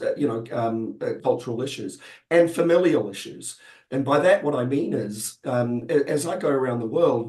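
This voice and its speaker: A man with a New Zealand accent, hoarse and croaky from being unwell, talking as a guest in a webinar with many fillers and restarts. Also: mid-range voice, darkish tone, echoey room. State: hoarse from illness. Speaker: panel guest. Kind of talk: webinar discussion.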